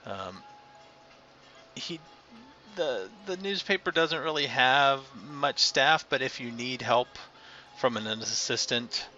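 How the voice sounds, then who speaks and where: A man's voice: medium pitch, animated, slow, sharp tone, lo-fi sound, faint music behind. A man narrating a tabletop game as game master, talking loosely and hesitantly with fillers.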